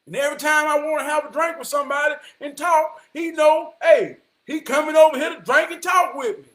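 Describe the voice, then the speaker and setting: A man delivering an impassioned motivational monologue, preaching his point and often rising to a shout. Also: extremely high pitch, fairly even intonation, a little fast. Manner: preachy, repeats "I promise you", rises to shouting. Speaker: vlogger giving life advice.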